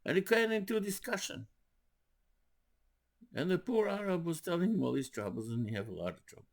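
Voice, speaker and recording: An older man, a rabbi, telling stories in a sermon with animated, rising emphasis. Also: a little high, brisk, gravelly. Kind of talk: storytelling sermon.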